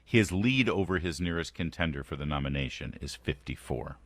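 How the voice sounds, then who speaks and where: A man's voice: extremely low pitch, expressive, brisk, a bit bright. An American man hosting a morning talk radio show, sardonic and fond of reading quotes aloud with mock emphasis. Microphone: studio microphone.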